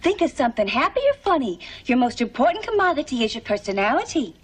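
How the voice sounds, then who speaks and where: An actress playing a brisk, folksy woman who trains new waitresses and calls them honey. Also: sits high, very animated, slight background noise.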